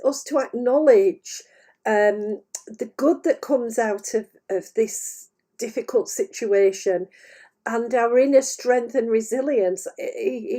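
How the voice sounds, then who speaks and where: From a room crowded with her paintings, a woman streams live as an intuitive medium, chatting unscripted about spiritual things straight to camera. Her medium-pitched, warm voice rambles along with plenty of "uh"s, and she laughs easily.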